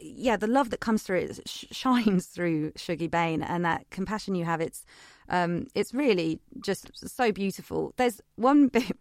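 A woman's voice: on the low side, expressive, unhurried, a little mellow, dry recording, studio quality. A woman hosting a podcast interview in a chatty, enthusiastic way. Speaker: podcast host. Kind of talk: casual interview chat.

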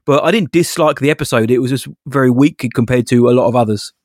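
A man's voice: medium pitch, fast, a little mellow, no echo. Male co-host, casual and opinionated, plain mid voice; dry close mic. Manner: opinionated, candid critique with laughs. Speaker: podcast co-host. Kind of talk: casual chat.

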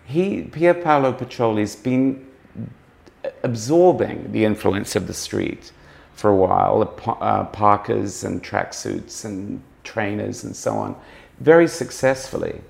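A man's voice: fairly low pitch, measured pace, vocal fry, a little mellow. A man speaking as a fashion critic in a conversational interview, musing and often circling back to rephrase his points.

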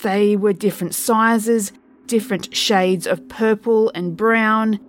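A woman narrating a first-person horror story in a slow, measured way. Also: mid-range voice, steady tone, slight background noise.

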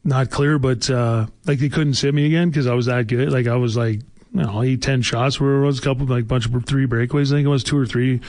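A man's voice: mid-range voice, steady tone, brisk, darkish tone, dry recording. A man in his forties, a former hockey player, telling rambling stories full of fillers in a casual talk show chat. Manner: rambling, filler-heavy anecdotes. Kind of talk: casual storytelling.

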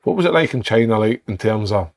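A man's voice: fairly low pitch, expressive, fast talker, darkish tone, no echo. A Scottish man co-hosting a podcast, blunt and sweary in casual banter. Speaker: podcast co-host, former footballer.

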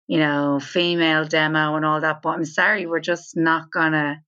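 A woman's voice: low voice, flat delivery, normal speed, sharp tone. A woman with an Irish accent, co-hosting a podcast and telling rambling anecdotes with casual swearing. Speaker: podcast co-host. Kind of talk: casual chat. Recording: slightly dull, lo-fi audio.

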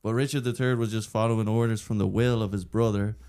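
A man's voice: fairly low pitch, fairly even intonation, fast, darkish tone, clear, resonant tone. A young man co-hosting a chat, explaining things at length in an earnest way. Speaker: podcast co-host. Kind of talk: casual chat.

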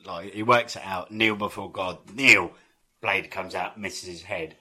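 A man's voice: sits low, fairly even intonation, a little slow, bright, forceful tone, breathy edge. A man co-hosting a casual chat, chiming in with dry wisecracks and mock outrage. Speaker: podcast co-host.

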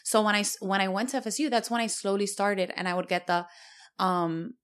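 A middle-aged woman with a Miami accent, co-hosting a casual podcast chat and telling stories with lively acted-out quotes. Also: mid-range voice, fairly quick, smooth. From Miami, Florida. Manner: animated storyteller who acts out quoted voices. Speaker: guest co-host.

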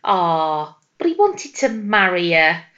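A woman's voice: fairly low pitch, big pitch swings, slow, fairly bright tone, highs cut off. A woman co-hosting a podcast, chatting playfully about a TV show. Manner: giggly, playful, puts on silly voices. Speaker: podcast co-host. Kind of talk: casual chat reviewing a TV show.

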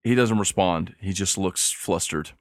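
Low-voiced man running a tabletop game. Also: measured pace, no room sound, clean studio sound. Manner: relaxed, rambling, laughs easily. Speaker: game master.

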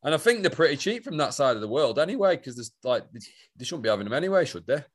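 A man's voice: medium pitch, big pitch swings, fast talker, slightly rough. A man on a casual podcast chat who keeps correcting and teasing his co-hosts in a dry way. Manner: contrarian, dryly correcting the others. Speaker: podcast co-host.

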